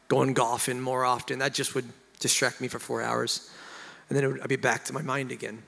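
A man's voice: mid-range voice, creaky, fairly bright tone, big-room sound. A man who is a worship pastor, telling his story earnestly and emotionally from a church stage, often stopping and restarting his sentences. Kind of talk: confessional sermon storytelling.

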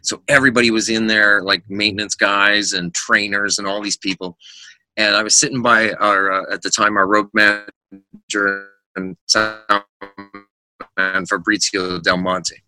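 A middle-aged man, a musician guest, telling lively anecdotes in casual chat and acting out the voices of people in them. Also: on the low side, measured pace, no echo. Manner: animated anecdotes with quoted voices.

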